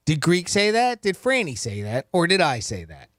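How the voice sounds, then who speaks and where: A man's voice: high voice, very animated, normal speed, few pauses, a bit bright, dry recording. A man hosting a radio contest, upbeat and laughing easily, on a studio microphone. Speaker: radio host.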